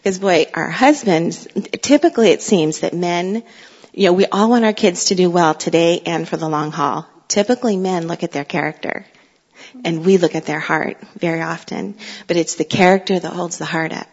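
Middle-aged woman, low husky voice, chatty storyteller, dull lo-fi sound with long hall reverb. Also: normal speed. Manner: chatty, laughs often, warm storytelling. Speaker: mother sharing a parenting story. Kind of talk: casual storytelling talk.

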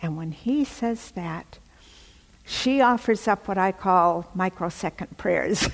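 Slow breathy woman preaching in a hall. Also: fairly low pitch, expressive. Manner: dramatic, often drops to a near whisper. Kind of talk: sermon storytelling.

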